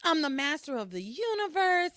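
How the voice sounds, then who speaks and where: A woman's voice: high voice, sing-song, moderate pace, fairly bright tone, no room sound, studio quality, voice pushed up. A woman voicing a boastful, arrogant rich man in a podcast recap. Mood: gloating. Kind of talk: recap re-enactment.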